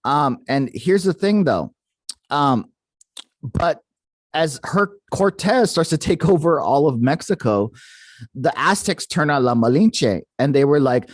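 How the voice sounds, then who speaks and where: A man's voice: on the high side, lively intonation, unhurried, no room sound, studio quality. A man hosting a paranormal podcast, telling a folk tale in a casual, rambling way with many fillers and restarts. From Arizona. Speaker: podcast host. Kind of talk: casual storytelling.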